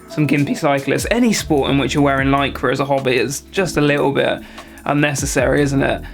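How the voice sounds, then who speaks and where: Ranting young British man. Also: on the high side. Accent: British English. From Britain. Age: young adult. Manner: animated, exaggerated ranting with mock outrage. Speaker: vlogger. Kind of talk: comedic rant to camera.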